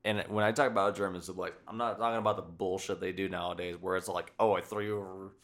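A man hosting a podcast in casual chat, talking excitedly with lots of swearing and acting out quotes. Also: deep voice, quick pace. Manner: excited, profane, acts out quotes. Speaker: podcast host.

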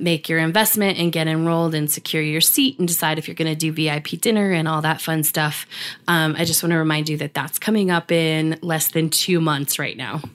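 A woman's voice: low-pitched, a bit bright. A woman co-hosting a podcast from her home office, talking enthusiastically and rambling a bit. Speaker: podcast co-host. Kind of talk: casual chat.

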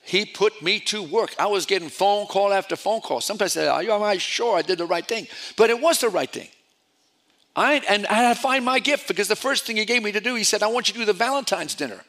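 Bright high-voiced preacher. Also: male voice, fast talker. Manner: animated storytelling with repetitions. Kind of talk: sermon.

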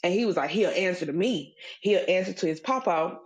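In a casual faith-based podcast chat, a middle-aged woman with a lower voice tells a story briskly and expressively, full of fillers. She imitates quoted voices and becomes emphatic and sermon-like as she drives her point home.

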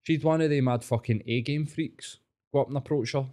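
A man's voice: mid-range voice, brisk. A young man with a Glaswegian Scottish accent, telling stories in casual chat with heavy swearing. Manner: sweary, animated storytelling.

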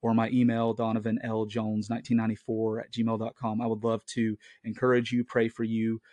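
A man's voice: lowish voice, monotone, brisk, mellow, no echo. A man in his late twenties hosting a Christian podcast from home on his own mic, talking in an earnest, rambling way. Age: late 20s. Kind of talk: casual solo podcast talk. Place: at home, family in the next room.

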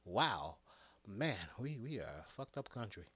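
A man ranting in a casual comedic style, laughing often and swinging between loud outbursts and near-whispers. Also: on the low side, sing-song, unhurried, slightly rough. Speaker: comedic commentator.

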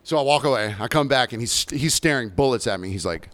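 A man's voice: mid-range voice, a little fast, no room sound. A man in casual chat telling a profane story about his bartending shift, acting out the voices of the people in it. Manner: animated, profane, acts out quoted voices.

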